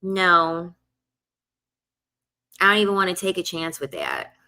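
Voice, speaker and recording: A woman's voice: lowish voice, wildly swooping pitch, measured pace, pushed and bright. A young woman telling a casual storytime rant, blunt and profane, repeating lines for emphasis. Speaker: vlogger.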